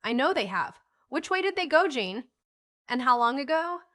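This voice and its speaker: A woman voicing Van, an excitable boy. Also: on the high side, measured pace. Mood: excited. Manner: eager, exclaiming, raised voice. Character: excitable, bossy young boy. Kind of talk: audiobook character reading.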